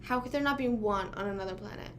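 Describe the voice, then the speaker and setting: A woman's voice: medium pitch, fast talker, noisy background. A young woman from Pennsylvania chatting casually with live viewers, rambling and self-deprecating, full of fillers. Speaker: livestream host.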